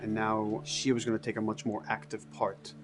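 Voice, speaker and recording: Male game developer interviewed, lowish voice, thoughtful, music clearly behind. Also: monotone, normal speed. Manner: thoughtful, explanatory.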